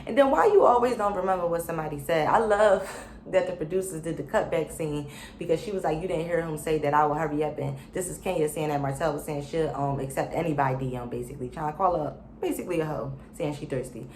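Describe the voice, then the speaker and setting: Low-voiced chatty woman recapping TV. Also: fast talker, reverberant, slight background noise. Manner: chatty, animated, lots of fillers and slang. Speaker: reality TV recap host. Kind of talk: casual opinionated recap.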